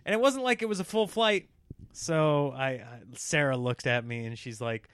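A man in his thirties telling a story in casual chat, animated and slipping into the voices of people in it. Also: a little high, moderate pace, clean tone, no room sound, clean studio sound.

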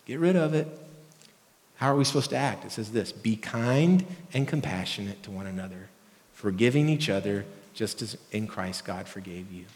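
A man's voice: lowish voice, normal speed, darkish tone. Man preaching a conversational sermon. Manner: conversational, asks the congregation questions. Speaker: pastor. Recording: long reverb of a large hall.

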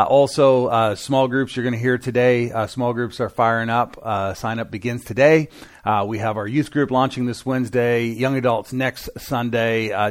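A man preaching a sermon as pastor, conversational, with frequent fillers, asking the congregation to respond. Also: medium pitch.

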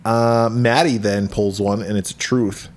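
A man's voice: lowish voice, fairly even intonation, a little slow. A middle-aged man co-hosting a podcast, retelling a film's plot in casual, crude, joking chat. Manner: retells plot with crude humor and frequent laughs. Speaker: podcast co-host. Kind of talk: casual movie-recap chat.

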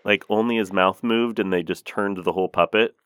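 Deep-voiced man with a wry, deadpan style. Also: fairly quick, clear, resonant tone, dry recording, studio quality. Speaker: podcast co-host. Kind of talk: casual movie review chat.

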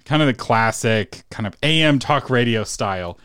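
A man's voice: medium pitch, expressive, moderate pace, a bit bright, clean tone, no echo, clean studio sound. A man hosting a solo instructional podcast, talking conversationally with frequent fillers and self-corrections. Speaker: podcast host.

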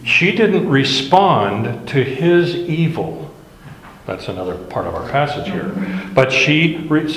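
A man with a fairly high, slightly bright voice teaches a Bible lesson in a very animated, conversational storytelling style, often laughing at his own anecdotes. He speaks slowly, and the recording sounds echoey, as in a hall, with faint background noise.

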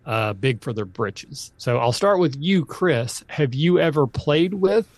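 A man hosting a podcast, chatting casually through improv games with animated, high exclamations. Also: unhurried, dry recording. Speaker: podcast host. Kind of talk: casual improv game chat.

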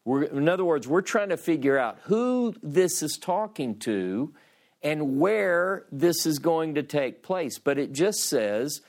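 A man's voice: fairly high pitch, very animated, a little mellow. A man teaching a scripture class, who reads passages aloud with dramatic emphasis and then explains them in a loose, conversational way with frequent restarts. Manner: slow and deliberate, with frequent restarts. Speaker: Bible teacher.

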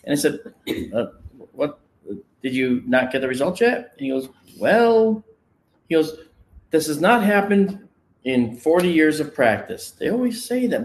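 A man casually telling a personal story in an animated way, acting out the voices of the people he quotes. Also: a little high, measured pace, roomy sound. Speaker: guest recounting a personal experience. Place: on location, indoors.

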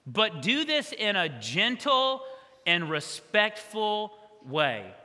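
A man preaching a sermon as pastor, conversational and energetic with quick asides to the congregation. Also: high-pitched. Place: church hall. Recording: long church hall reverb.

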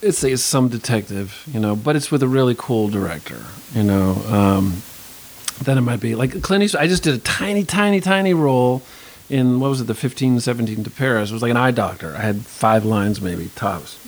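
A man's voice: medium pitch, animated, fairly quick, poor audio. A man in his fifties, an actor, talking casually in an interview, rambling with lots of restarts and asides. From United States. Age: 50s. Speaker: actor guest.

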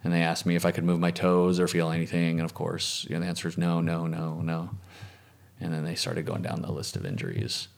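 A man telling a personal story in an interview, calm and reflective, often letting his voice trail off softly. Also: sits low, brisk, gravelly. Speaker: interviewee, former medic and lifeguard.

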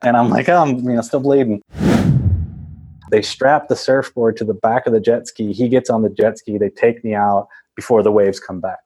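A man's voice: fairly low pitch, fairly even intonation, brisk, few pauses, a little mellow, breathy edge. A man casually telling a long story, rambling with many fillers and laughing as he goes. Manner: rambling, laughs often, acts out voices of others.

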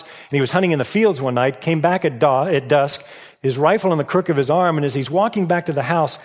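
A man of around fifty, a pastor telling stories in a sermon, earnest and often dropping to a hushed, soft delivery. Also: on the high side, breathy edge. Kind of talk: storytelling sermon. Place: church sanctuary. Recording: long reverb of a large church hall.

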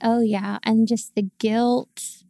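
A woman's voice: a little high, level tone, slow pace, gravelly, warm tone, dry recording, clean studio sound. A woman guest telling her faith story in a casual podcast chat, earnest and emotional.

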